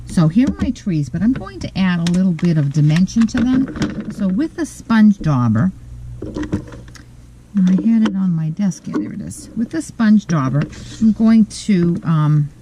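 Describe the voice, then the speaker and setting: A woman hosting a step-by-step card-making tutorial at her craft desk, talking in a relaxed, methodical way with frequent pauses to think. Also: fairly low pitch, noisy background.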